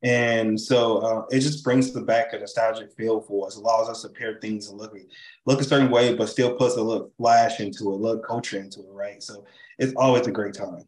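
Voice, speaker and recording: A man from Chicago, a charity leader, talking as an interview guest over a video call in an animated, enthusiastic way, with many fillers and tag questions. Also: fairly low pitch, normal speed, echoey room, low-quality recording. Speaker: charity CEO and co-founder, guest.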